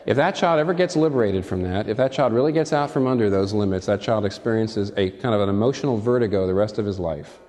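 Guy preaching a sermon, fired up, jumps high then drops real low, asks the crowd questions, big echoey hall. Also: expressive, quick pace, few pauses. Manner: impassioned, swinging from high emphatic peaks to soft low asides; addresses listeners directly with rhetorical questions. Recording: long reverb from a large hall.

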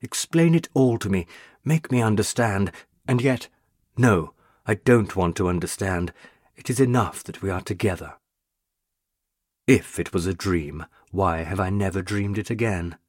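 A man with a husky voice reading a first-person story aloud, hushed, solemn and wondering. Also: low voice, unhurried, no echo, clean studio sound. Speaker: narrator.

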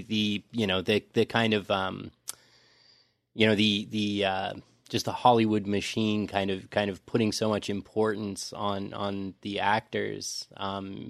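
A man with a low, gravelly voice speaks hesitantly in a casual podcast chat. He restarts often as he searches for words. The sound is dry. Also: no room sound. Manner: hesitant, many fillers and restarts.

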